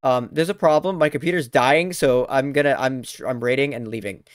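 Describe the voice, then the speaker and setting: A man's voice: mid-range voice, brisk, clear, resonant tone, no echo, studio quality. A young man hosting a livestream, talking in a flustered, scattered way with restarts and swearing. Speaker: streamer. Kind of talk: casual chat on a livestream.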